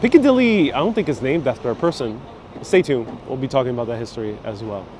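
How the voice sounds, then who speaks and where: A man's voice: medium pitch, lively intonation, quick pace, darkish tone. A man guiding a live-streamed city bus tour, chatting casually and reading out viewer comments. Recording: faint street and traffic noise.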